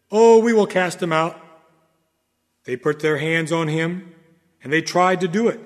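A man preaching a sermon in a dramatic oratorical manner, swinging from loud declarations to hushed low lines. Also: long reverb tail.

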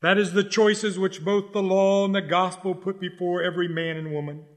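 A man preaching a sermon in an urgent, exhorting way, repeating key lines slowly for stress. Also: high-pitched, little pitch movement, in a large hall.

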